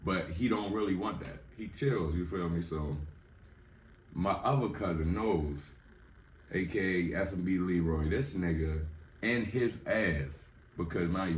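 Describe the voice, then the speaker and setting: A man's voice: deep voice, a little slow, reverberant, recorded from a distance, a little hiss or hum. A man telling a casual storytime on his podcast, acting out what people said in a raised voice. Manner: animated storytelling, acts out quotes in raised voice. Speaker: podcast host.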